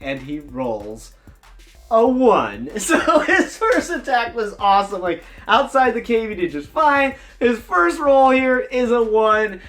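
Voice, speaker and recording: Animated man with a lively, high-ranging voice. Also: slow, soft background music. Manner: animated, enthusiastic, jumps between voices. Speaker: dungeon master, tabletop gaming vlogger. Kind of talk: casual storytelling vlog.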